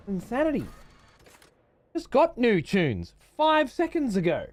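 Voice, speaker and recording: A man's voice: high-pitched, huge pitch swings, takes it slowly, long pauses, a little mellow. An Australian man streaming a game, swearing freely and ranting in exasperation while he chats to viewers. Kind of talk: casual gaming stream commentary.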